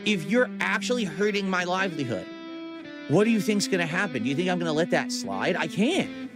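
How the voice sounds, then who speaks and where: Male streamer, higher-pitched, exasperated and foul-mouthed, talking straight to chat. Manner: profane, defensive, exasperated. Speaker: livestreamer. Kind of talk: casual livestream rant to chat.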